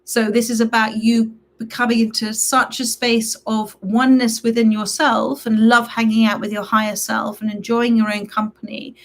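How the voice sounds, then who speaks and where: A woman with a croaky voice giving a live tarot reading from home, gentle and affectionate with her viewers. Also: a little high. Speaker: tarot reader hosting a live stream. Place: at home, reading from a computer late at night.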